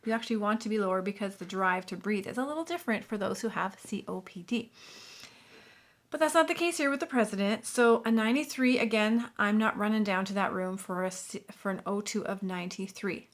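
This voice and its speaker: A woman's voice: mid-range voice, brisk. A woman who is a nurse and has a Southern US accent, explaining a clinical topic in a chatty commentary video. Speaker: nurse reacting to news clips.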